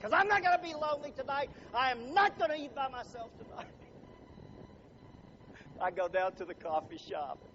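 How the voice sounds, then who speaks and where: A man's voice: high-pitched, highs cut off, slight background noise. A man giving a motivational speech, telling stories with lots of laughter and throwing questions at the audience. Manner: animated, laughing often, quizzing the audience. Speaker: motivational speaker. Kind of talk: storytelling speech to a live audience.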